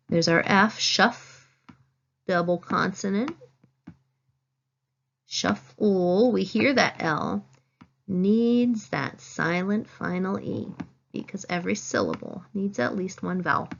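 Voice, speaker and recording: Teacher lady reading spelling words real slow n clear, kinda dull lo-fi sound. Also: on the low side, slight background noise. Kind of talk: phonics lesson.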